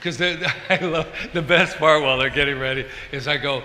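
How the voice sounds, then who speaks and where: A man, a reverend, preaching a sermon in an animated, playful and confiding way, recorded in a church service hall. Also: medium pitch, normal speed, few pauses, slight background noise. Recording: echoey hall.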